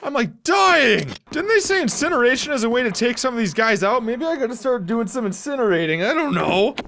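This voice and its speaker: A man's voice: extremely high pitch, sing-song, a little fast, creaky, bright, forceful tone. A man giving let's-play commentary on a horror game, jumpy, often shrieking and laughing nervously. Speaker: gaming commentator. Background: game music.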